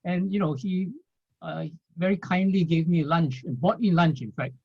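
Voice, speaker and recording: A man, a former financial planner, telling his story in an interview in a rambling way, filling pauses with "you know" and small laughs. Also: fairly high pitch, vocal fry, husky. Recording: dull lo-fi audio.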